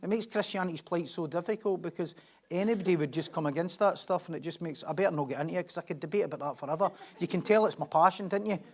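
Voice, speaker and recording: A man's voice: high voice, quick pace. A middle-aged male pastor preaching a conversational sermon, joking, asking his listeners questions and reading scripture aloud. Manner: chatty, humorous, asks the congregation questions; animated storytelling, laughs at himself.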